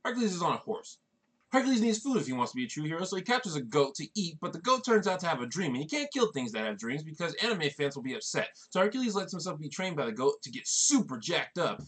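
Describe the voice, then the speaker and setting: A man rattles through a comedic movie recap in a deadpan, wisecracking voice. His pitch is a bit high and very lively, and his tone is husky. He moves at a rapid clip. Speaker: comedy narrator.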